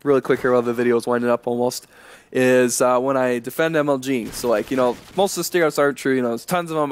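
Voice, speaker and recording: A man's voice: mid-range voice, fairly even intonation, fast talker, clean tone. A young American man giving rambling, chuckling commentary over gameplay. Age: young adult. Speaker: gaming commentator.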